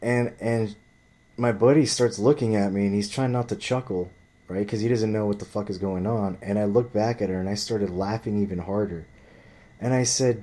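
A man's voice: fairly low pitch, fairly even intonation, moderate pace, mellow. A man telling a story in a ranting vlog monologue, blunt and profane, often rambling and restarting his sentences. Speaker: vlogger.

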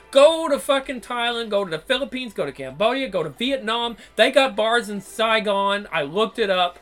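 A man's voice: very high voice, moderate pace, few pauses, a bit bright, soft background music. A man ranting to his viewers in a crude, repetitive, exasperated way, swearing constantly. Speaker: vlogger. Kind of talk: profane monologue rant to viewers.

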